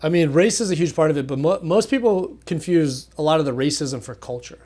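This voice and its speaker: A man's voice: on the high side, lively intonation, a little fast, warm tone. A man from the United States in casual conversation, earnest, often restarting as he searches for words. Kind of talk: casual chat.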